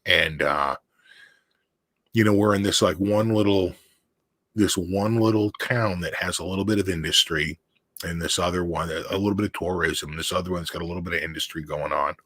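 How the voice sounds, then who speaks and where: A man chatting as a guest on a video call, telling an animated anecdote and acting out the voices in it. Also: sits low, normal speed, no echo. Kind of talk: casual storytelling chat.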